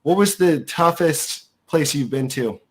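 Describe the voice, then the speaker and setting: A man hosts a casual livestream with a slightly higher voice than most men. He sounds upbeat and easygoing as he chats and asks his guests questions. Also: lively intonation, measured pace, husky. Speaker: host.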